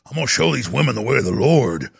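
A creepy rural man drawls in a hillbilly impression, put on by a man. The voice drops deep below his usual pitch and stays very gravelly and husky. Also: sing-song, fast talker, exaggerated voice. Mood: menacing. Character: creepy rural man collecting women and children.

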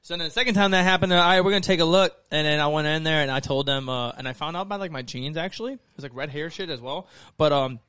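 A man's voice: a little high, fast, bright, forceful tone, smooth, no room sound, studio quality. A man co-hosting a casual podcast, telling profane stories with a lot of swearing and laughing at his own jokes. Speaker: podcast co-host. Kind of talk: crude casual chat.

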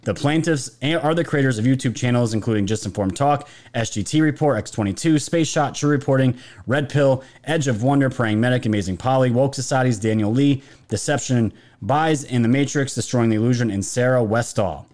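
A man's voice: medium pitch, fairly quick, hardly any pauses, a little mellow. A man hosting a live commentary stream, talking casually to his viewers and rambling with frequent restarts. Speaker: political commentary channel host.

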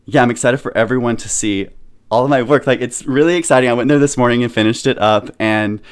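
A young man in his twenties co-hosting a podcast, chatting casually and excitedly, laughing often. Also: mid-range voice, quick pace, clear, resonant tone. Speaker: podcast co-host. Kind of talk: casual chat.

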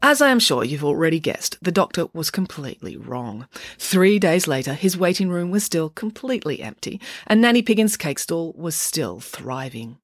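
A woman reads a children's book aloud, expressive and lively. Her voice sits fairly low, with a husky edge and plenty of rise and fall. The recording is dry and close. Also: moderate pace, dry recording. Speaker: storyteller.

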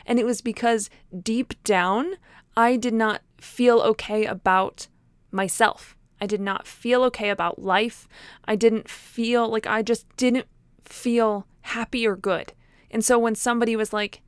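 A woman's voice: on the high side, steady tone, a little slow, clean tone, dry recording, clean studio sound. A woman talking casually and frankly to camera, filling her speech with fillers and restarts. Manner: chatty, many fillers and restarts; frank, personal, laughs at herself.

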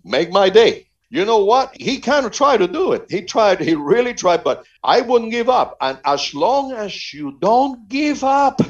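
A man's voice: sits high, big pitch swings, a little slow, hardly any pauses. A man from Cuba, an evangelist guest, speaking fervently in a preaching style and repeating phrases for emphasis. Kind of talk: preaching-style interview talk. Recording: muffled lo-fi audio.

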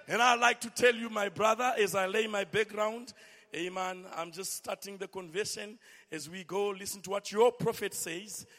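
High-voiced man preaching in a hall. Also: fairly even intonation, normal speed. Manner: sing-song, swelling to shouts, calls for amens. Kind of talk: impassioned sermon.

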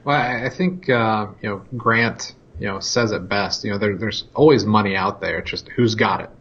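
Male guest, low husky voice, measured delivery, dull lo-fi audio. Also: fairly bright tone. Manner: measured, heavy on "you know" fillers. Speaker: interview guest. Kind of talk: casual interview chat.

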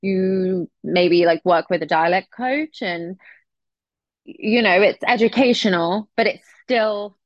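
Brief: English actress, young adult, relaxed and chatty, dull dry audio. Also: female voice, medium pitch, slow, dry recording. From England. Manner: relaxed, chatty, with frequent restarts. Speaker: actress guest. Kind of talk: casual interview chat.

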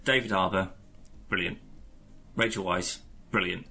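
A man in casual podcast chat about a film, rambling and animated, swearing and slipping into mock voices. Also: low voice, a little slow. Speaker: podcast co-host.

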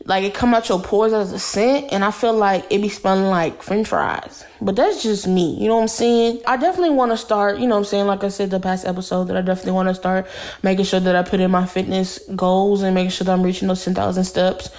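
A woman's voice: medium pitch, steady tone, fast, a little mellow. Blunt, chatty woman podcast host. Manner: blunt, candid, slangy and chatty. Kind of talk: casual solo podcast monologue.

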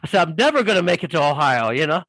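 A man's voice: fairly high pitch, very animated, racing, fairly bright tone, dry recording, low-quality recording. A man telling a story casually as a guest author, rambling with many fillers and doing voices for the people in it.

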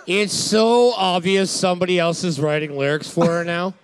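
A man's voice: sits high, fairly even intonation, normal speed, smooth. A man co-hosting a bar trivia night, trading crude wisecracks with the host. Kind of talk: casual banter.

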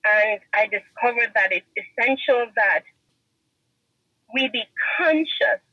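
A woman's voice: fairly high pitch, expressive, takes it slowly, bright, forceful tone, husky, no echo, rough recording. A woman guest giving an earnest, emotional personal testimony in an interview. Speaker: podcast guest.

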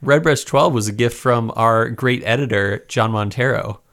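Male podcast co-host, relaxed chat, halting with fillers, mid-pitched voice. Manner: easygoing, hesitant with many ums. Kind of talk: casual chat.

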